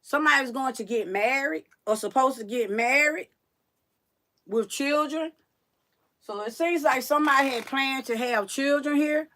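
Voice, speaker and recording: A woman's voice: sits high, normal speed, sharp tone. A woman hosting a casual livestream card reading, chatting loosely and repeating herself to her viewers. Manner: chatty, repetitive, addresses viewers as y'all. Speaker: psychic card reader host.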